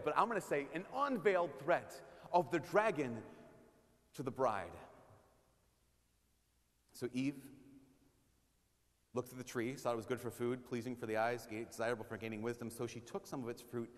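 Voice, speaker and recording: A man preaching a sermon as a priest, casual and animated, sometimes dropping to a hush for emphasis. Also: medium pitch, normal speed, pauses often. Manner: conversational and animated, drops to hushed tones for emphasis. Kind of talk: sermon at a parish mission. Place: church. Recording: long reverb of a church hall.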